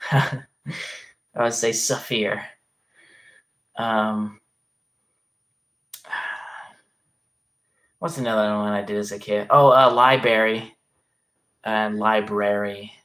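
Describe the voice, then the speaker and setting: A man's voice: fairly low pitch, fairly even intonation, slow, long pauses, fairly bright tone. A man chatting casually on a livestream, reading comments aloud in a rambling, hesitant way and swearing often.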